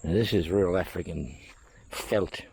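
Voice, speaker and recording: Excitable man rambling on an outdoor hillside walk. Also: low-pitched, measured pace, vocal fry, slight background noise. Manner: excitable, thinks aloud, rambling asides. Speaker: vlog host exploring a historic site. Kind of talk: casual vlog commentary while walking.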